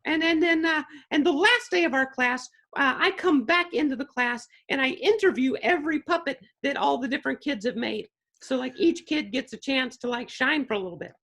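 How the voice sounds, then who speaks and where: A man's voice: very high voice, brisk, gravelly, bright, forceful tone, full character voice. A man voicing a cheerful, playful male dragon puppet, telling stories in a bubbly, giggly way as a guest. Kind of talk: puppet character interview.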